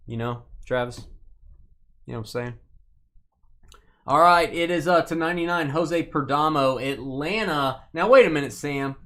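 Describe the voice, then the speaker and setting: A man's voice: fairly high pitch, a bit bright. Guy running a card break stream, jokey and teasing, voice jumps around a lot. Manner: playful, teasing viewers by name. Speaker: host of a live card break. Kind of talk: casual live-stream commentary.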